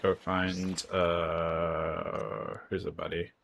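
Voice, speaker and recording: A man's voice: low-pitched, flat delivery, extremely slow, vocal fry, a bit bright, slight background noise. A man chatting casually and frankly while streaming a game, rambling from thought to thought. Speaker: livestreamer. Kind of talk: casual gameplay chat.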